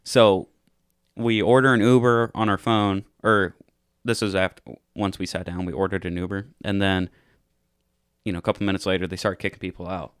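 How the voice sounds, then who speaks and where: A young podcast host with a somewhat low, smooth voice spins a rowdy bar story, swearing freely and acting out what everyone said. The sound is dry and close, with no room in it. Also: male voice, moderate pace, no room sound. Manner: profane, animated retelling with acted-out quotes. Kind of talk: casual storytelling.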